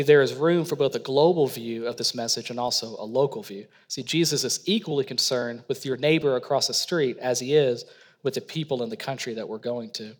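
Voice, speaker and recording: A man preaches a sermon with earnest emphasis, slowing down to lean on key words. His voice sits at an ordinary middle pitch. A long hall reverb trails after each phrase, as if he is standing in a church sanctuary. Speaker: missionary preacher.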